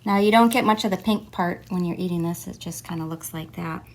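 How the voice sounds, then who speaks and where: A woman's voice: fairly low pitch, a little fast. Woman gardening vlogger, easygoing chatty tone, talks while chewing sometimes. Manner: chatty, chews while talking at times. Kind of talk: casual home gardening vlog.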